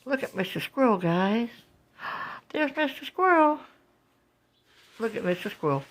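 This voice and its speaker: Filming on her phone at home, a woman points out what's outside her window to her viewers, addressing them as "guys" in a lively, casual narration full of coos and exclamations. She speaks a little high and a little slowly.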